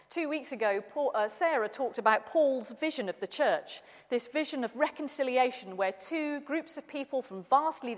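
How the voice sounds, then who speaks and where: A woman preaching a sermon, opening with a personal story told with gentle humour. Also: a little high, big-room sound.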